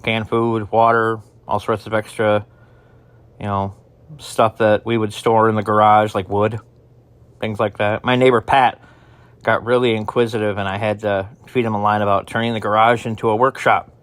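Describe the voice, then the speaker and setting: A self-doubting survivor, voiced by a man speaks into a tape diary in an audio drama. He talks haltingly, stumbling and restarting often. His voice sits somewhat low. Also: level tone, fairly bright tone, clean tone, dry recording, lightly acted. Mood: wistful. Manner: halting, with many restarts and fillers.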